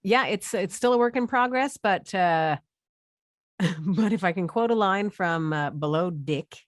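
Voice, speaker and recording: A woman's voice: medium pitch, a little slow, dry recording, clean studio sound. A woman co-hosting a casual chat show, laughing often and trying out accents. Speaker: co-host.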